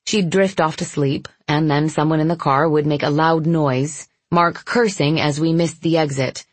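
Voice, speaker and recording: A woman reading a first-person novel as an audiobook narrator, measured and even. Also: sits low, dry recording.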